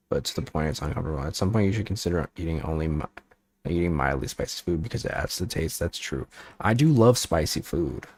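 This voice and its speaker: Using a very deep, somewhat mellow voice, a man streaming as a VTuber banters playfully with his audience. The casual chat drifts into a made-up, meandering bedtime story full of silliness.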